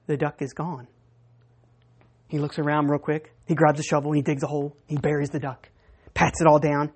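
A woman pastor preaching a sermon, telling stories and moving between hushed and emphatic delivery. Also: low-pitched, fairly quick. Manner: storytelling, animated, swinging between hushed and emphatic.

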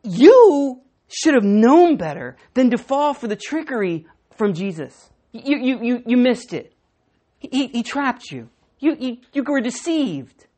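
A woman's voice: fairly high pitch, very animated, unhurried, dark tone. A woman preacher voicing scornful male Pharisees scolding their guards in a sermon. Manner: scolding, sneering.

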